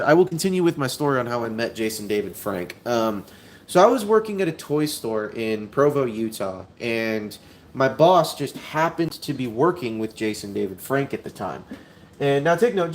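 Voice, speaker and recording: A man telling a long story while unboxing a toy, rambling, repeating himself and using lots of fillers. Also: medium pitch.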